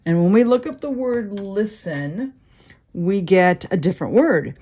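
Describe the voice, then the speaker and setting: A woman's voice: medium pitch, expressive, warm tone. A woman leading a casual Bible study, reading verses aloud and thinking through word meanings with frequent fillers. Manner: unhurried with frequent fillers and restarts.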